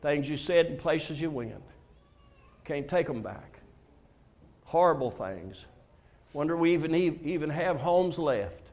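Older preacher telling stories. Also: male voice, a little high, expressive, slow, long pauses, darkish tone. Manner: storytelling, acts out dialogues with God, emotional confessions. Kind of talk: folksy conversational sermon.

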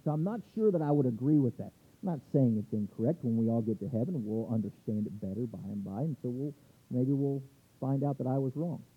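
A man's voice: mid-range voice, brisk, slightly rough. A male pastor preaching a sermon, reading scripture verses aloud and stumbling over restarts as he explains. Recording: tinny phone-like sound.

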